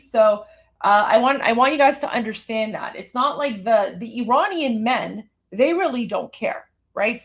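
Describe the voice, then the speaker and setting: A woman from Iran hosting a live show, giving emphatic, indignant commentary on a video, with many fillers and restarts. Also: mid-range voice. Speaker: host.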